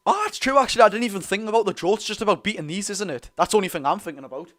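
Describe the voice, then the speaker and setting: Excitable Geordie football fan, high voice. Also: male voice, very fast. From North East England. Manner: excitable, swings between shouting and muttering. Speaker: football watch-along host. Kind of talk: live fan commentary.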